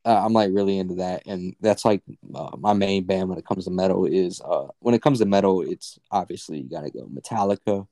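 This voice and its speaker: A man's voice: low voice, brisk, few pauses, warm tone, no room sound. A young man co-hosting a podcast, rambling in casual, unscripted chat full of fillers and swearing. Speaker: podcast co-host.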